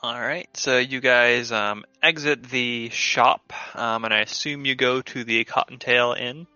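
A man running a tabletop game and narrating in a loose, chatty way, full of "um"s. His voice is bright and dry. The recording sounds dull and lo-fi. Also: medium pitch, fairly even intonation, measured pace, smooth, dry recording, faint music behind. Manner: casual, laughing, filler-heavy narration. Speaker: game master.

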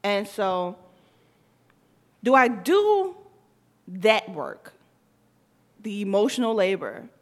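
A woman in her thirties, co-hosting a podcast, telling a story in casual chat with lively acted-out quotes. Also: mid-range voice. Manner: animated, tells stories with acted-out quotes. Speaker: podcast co-host.

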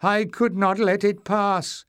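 A man reading an audiobook, voicing an elderly goblin woman who speaks slowly and indignantly. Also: sits high, little pitch movement, fairly bright tone, clear, resonant tone, pitched above the performer's own voice. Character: old woman goblin elder, proud and fierce.

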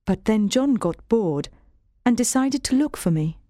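A woman's voice: a little high, expressive, measured pace, mellow, no room sound, studio quality. Woman reading a storybook aloud. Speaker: narrator. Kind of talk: scripted storybook narration.

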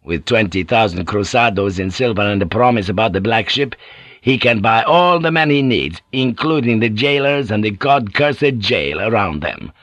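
A man's voice: fairly low pitch, expressive, moderate pace, fairly bright tone, dry recording. A man reading an audiobook, voicing a furious, superstitious middle-aged ship commander who blusters and curses. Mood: raging. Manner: blustering, cursing.

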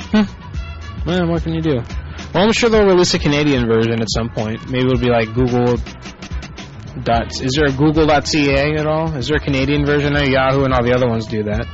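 Male host of a scrappy prank call show, loose and profane, lo-fi audio with music behind. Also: mid-range voice. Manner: profane, rambling, off-the-cuff. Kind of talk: casual live show banter. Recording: muffled lo-fi internet radio.

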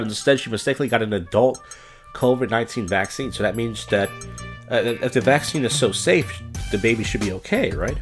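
Talking briskly in a lowish voice with faint music behind him, a comedy podcast host runs through strange news items. His commentary is casual and comedic, full of sardonic, meandering asides.

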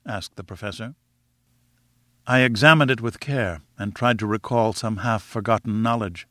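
A man narrating a novel in a measured, even reading voice. His tone is bright and forceful, and the recording is close and dry. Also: medium pitch, no echo. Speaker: audiobook narrator. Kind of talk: scripted narration.

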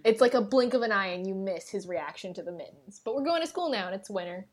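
Woman cohost recapping episodes, laughs a lot, acts out the characters, mid pitch. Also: animated, fast. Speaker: podcast co-host. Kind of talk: casual chat recapping a show.

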